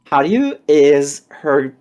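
A podcast co-host with a medium-pitched voice casually recaps a chapter, animated and acting out characters in quick voices. The sound is lo-fi.

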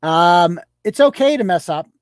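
A man's voice: high-pitched, animated, measured pace, no room sound, clean studio sound. A man hosting a live show, ranting with profanity and sarcasm and firing off mocking rhetorical questions while reading rules aloud.

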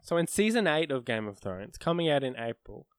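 Young man, deadpan, casual podcast chat, dry close mic. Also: fairly high pitch, a little fast, clear, resonant tone, no echo. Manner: explains and corrects, wry and deadpan. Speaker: podcast co-host.

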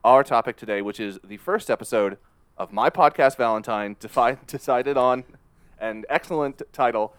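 A man co-hosting a music podcast in a loose, casual chat. He hesitates often, filling gaps with ums and uhs. His voice is mid-pitched and sits dry and close to the mic. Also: normal speed, smooth, no echo. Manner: laid-back, hesitant with many fillers. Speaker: podcast co-host.

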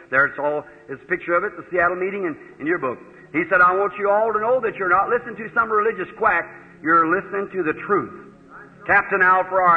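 A man preaching a sermon, telling a folksy story with quoted dialogue. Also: high voice. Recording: old hall recording, phone-like narrow sound.

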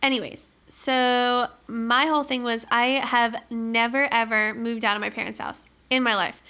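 A woman's voice: a little high, bright, forceful tone, smooth. A woman in her twenties casually telling a long personal story, with lots of "like" and laughing asides. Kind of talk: casual chat.

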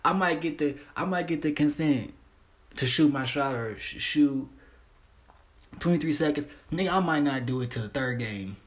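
A man talks alone into the mic on his own podcast, loose and unhurried. His voice sits at an ordinary middle pitch. He rambles, swears freely and keeps tripping over words before starting again. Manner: laid-back, rambling, profane; stutters and restarts. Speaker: podcast host. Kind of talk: casual solo podcast monologue.

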